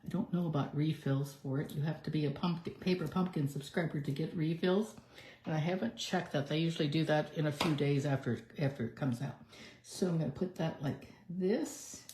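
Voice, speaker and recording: A woman leads a live card-making demonstration, chatting through each step as she works. Her voice sits low and mellow. The sound carries the echo of a roomy space. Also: fairly quick, a little hiss or hum. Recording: echoey room.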